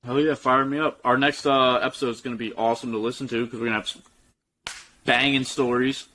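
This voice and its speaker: A man's voice: medium pitch, fairly even intonation, quick pace, pushed and bright, slight background noise, poor audio. Laid-back young man with bro slang. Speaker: podcast co-host. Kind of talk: casual chat.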